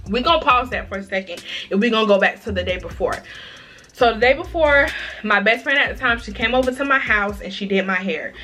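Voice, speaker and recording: A young woman chatting through a casual storytime vlog, dramatic and expressive, often calling her viewers y'all. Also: on the high side, brisk, faint music behind. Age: young adult. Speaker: vlogger.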